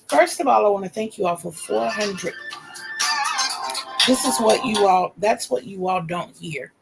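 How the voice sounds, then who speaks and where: A woman's voice: mid-range voice, unhurried, vocal fry, long pauses, over loud music, rough recording. An older woman in her sixties from North Carolina with a Southern accent, chatting casually and homey on her livestream as host.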